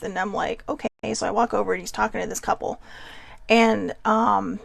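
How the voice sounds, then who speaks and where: A woman's voice: mid-range voice, fairly even intonation, brisk, vocal fry, fairly bright tone, no room sound. A Californian woman hosting a casual self-care talk, chatty and rambling, with lots of fillers and asides. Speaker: host.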